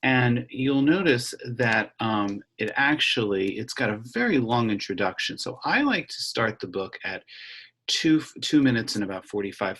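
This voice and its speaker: Husky man teaching kids a rhythm lesson. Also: medium pitch. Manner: gentle, patient, speaks slowly to children. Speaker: elementary music teacher. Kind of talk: online music lesson with read-aloud. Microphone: computer mic on a video call.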